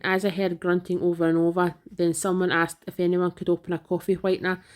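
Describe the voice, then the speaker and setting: A woman reading out online comments in a flat, even delivery. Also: fairly low pitch.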